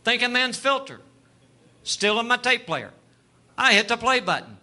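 High, bright-voiced preacher telling his story. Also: very animated, moderate pace. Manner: storytelling, acts out dialogue, rises to shouting fervor. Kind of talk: sermon testimony.

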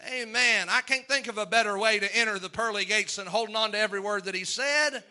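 A man's voice: high-pitched, fast talker, pushed and bright. A male preacher delivering a sermon, fervent and emphatic, repeating phrases to drive a point home.

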